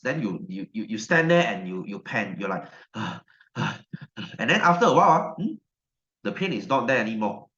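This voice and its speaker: A man's voice: medium pitch, bright, forceful tone. A male science teacher, giving a chatty online class lecture and repeating his questions to the class. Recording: dull, roomy echo.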